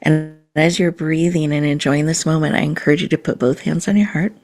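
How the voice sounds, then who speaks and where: A woman hosting a podcast, leading listeners through a slow, soothing mindfulness and breathing exercise. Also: sits low, fairly even intonation, a little mellow, soft background music. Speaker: podcast host.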